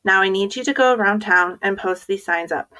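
A woman reads aloud at a medium pitch and a slightly quick pace, her natural voice taking on a sharp edge. She plays a bossy, hot-tempered schoolboy who runs a dog-walking business and snappishly barks orders at his friend.

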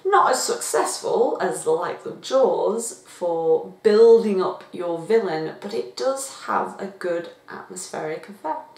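A woman giving a chatty, expressive movie review, talking casually to her viewers. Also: on the low side. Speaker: film reviewer. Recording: echoey room.

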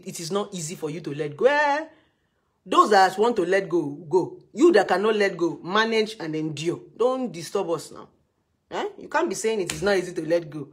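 A woman's voice: mid-range voice, slightly rough. A woman with a Nigerian accent giving blunt, scolding relationship advice in a live video session.

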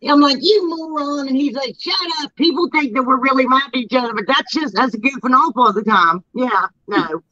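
A woman talks in a casual, blunt, joking way and laughs often. Her voice is high and bright. The sound is dry and a little dull, as if from a low-grade mic. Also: a little fast, hardly any pauses, no echo. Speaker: YouTube channel host. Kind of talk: casual chat.

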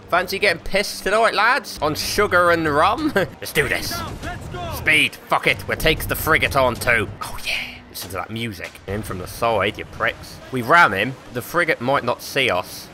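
A young man gives rowdy, swearing gameplay commentary and shouts pirate orders at his crew. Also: mid-range voice, very animated, moderate pace. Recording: game music loud behind voice.

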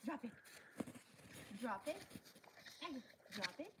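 Slow-talking woman cooing at her dogs. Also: high-pitched, big pitch swings, heavy background noise. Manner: coos and calls to her dogs between rambling asides. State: slightly sick, voice a bit off. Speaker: vlogger hosting a live Q&A. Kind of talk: casual live stream chat. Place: outdoors in snow. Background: dogs playing in snow.

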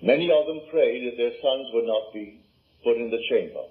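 A man's voice: medium pitch, moderate pace. Older man, Barbadian accent, emphatic lecture, rhetorical questions, tinny old recording. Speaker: lecturer on scripture and imagination. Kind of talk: spoken lecture.

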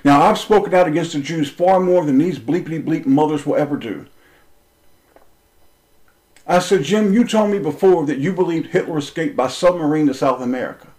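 A man telling a personal story as an impassioned monologue, intense and confrontational, swearing freely and swinging between raised and lowered speech. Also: normal speed, darkish tone, rough recording.

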